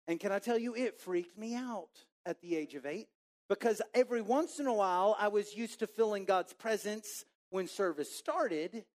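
A man in his forties from Texas, preaching a sermon through a lively personal story and acting out his own inner voice. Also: sits high. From Texas, USA. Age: 40s.

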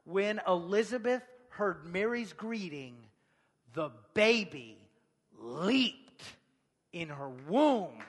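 A man preaching a sermon, swinging from hushed near-whispers to shouted passages. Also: sits high, lively intonation, takes it slowly, husky, big-room sound.

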